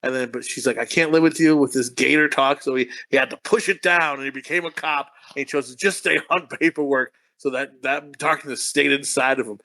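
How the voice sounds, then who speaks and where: A man co-hosting a casual podcast chat, talking fast, skipping words and acting out characters' lines as he retells a story. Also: medium pitch, bright, forceful tone. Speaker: podcast co-host.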